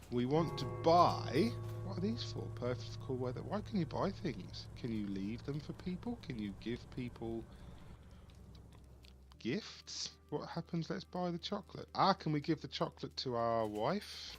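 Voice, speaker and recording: A man's voice: mid-range voice, background noise. Man musing over a game. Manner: thinks aloud, reads on-screen text, puzzled asides. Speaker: let's play host. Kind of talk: casual gameplay commentary.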